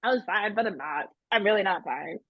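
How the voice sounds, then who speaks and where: A woman's voice: animated, a little fast, breathy edge, no echo, dull audio. A woman voicing a distressed, overwhelmed young female adventurer who wails and hiccups. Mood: distraught. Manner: high, wailing, hiccuping.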